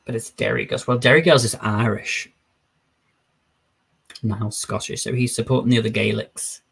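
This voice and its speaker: A male streamer with a slightly husky, breathy voice at a middle pitch. He talks in a loose, chatty way, reading out viewer comments and replying to them on the fly. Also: steady tone, normal speed, a bit bright. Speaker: streamer host. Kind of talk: casual live-stream chat.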